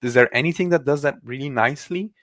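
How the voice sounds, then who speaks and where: Animated man in dry close sound. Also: mid-range voice, dry recording. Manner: animated, quick restarts, acts out colleagues' lines. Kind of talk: casual technical chat.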